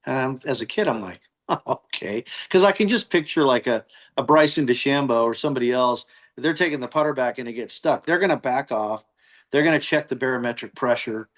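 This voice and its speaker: A man's voice: mid-range voice, brisk. Middle-aged male coach, chatty guest, does voices in his anecdotes. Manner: animated storyteller who acts out quoted voices. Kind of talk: casual storytelling interview.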